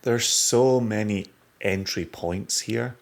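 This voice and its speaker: A man's voice: fairly low pitch, slow, creaky. A man co-hosting a casual podcast, teasing his partner and reacting cheerfully. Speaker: podcast co-host.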